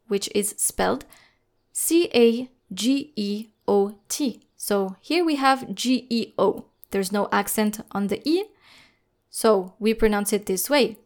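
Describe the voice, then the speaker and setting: A woman teaching French pronunciation in a lesson, speaking slowly and carefully, spelling out letters and repeating each sound. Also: medium pitch. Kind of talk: scripted lesson narration.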